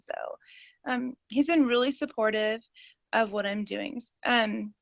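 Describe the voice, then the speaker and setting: Woman, forties, eager rambling testimony, fillers, highish voice, dull lo-fi sound. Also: normal speed, creaky, no room sound. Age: 40s. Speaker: caller giving a testimony. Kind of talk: personal testimony on a call. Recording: dull, lo-fi and dry.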